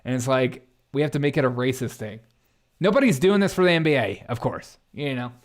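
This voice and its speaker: A man's voice: medium pitch, expressive, fairly quick. A man hosting a live-stream commentary show, reacting to headlines and chat in a sarcastic, mocking way. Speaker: political commentary host.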